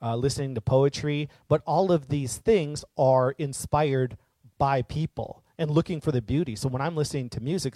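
A man's voice: mid-range voice, moderate pace, dark tone, no echo. A man giving an earnest, casual reflective monologue, rambling a little with fillers and restarts.

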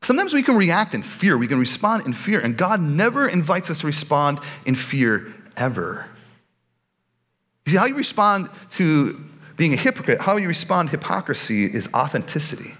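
A man's voice: a little high, very animated, normal speed, fairly bright tone. A man preaching a casual, joking sermon as a pastor, often slipping into put-on voices for quoted people. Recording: long hall reverb.

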